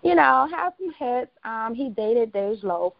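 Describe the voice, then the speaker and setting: A woman's voice: a little high, animated, a little slow, gravelly, no room sound. A woman with a Southern US accent co-hosting a podcast in a casual chat, chatty and full of "you know.". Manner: chatty, laughs often, says "you know" a lot. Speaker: podcast co-host. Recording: dull lo-fi home recording, fan hum.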